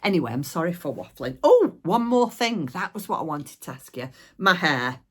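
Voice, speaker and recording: A woman's voice: on the low side, big pitch swings, moderate pace, fairly bright tone, husky. A middle-aged woman chatting casually to camera at home about her craft shop, rambling with many fillers. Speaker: craft shop owner showing products. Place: at home, indoors.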